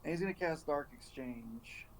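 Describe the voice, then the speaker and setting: A man plays a tabletop game and declares his moves plainly, pausing now and then with fillers. Faint background noise sits under his voice. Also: a little high, lively intonation. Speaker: player. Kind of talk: casual tabletop play.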